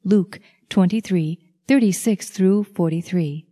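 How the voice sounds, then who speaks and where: A woman reading Bible passages aloud in a measured, deliberate scripted reading. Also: lowish voice, dark tone. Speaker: scripture reader.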